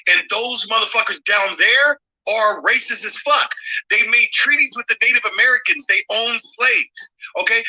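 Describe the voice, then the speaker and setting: Emphatic man with a high, bright voice. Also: poor audio. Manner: emphatic, keeps adding a challenging "okay?"; blunt and profane. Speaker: guest speaker on a live stream. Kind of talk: heated political argument.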